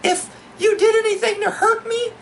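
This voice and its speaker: Man doing a high girly girlfriend voice. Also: fairly even intonation, moderate pace, vocal fry, slight background noise. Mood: questioning. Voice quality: high falsetto "girl voice". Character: worried young woman, his girlfriend.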